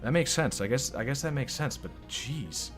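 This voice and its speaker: A man's voice: mid-range voice, lively intonation, normal speed, soft background music. A young man hosting a let's play, rambling and incredulous in casual game commentary.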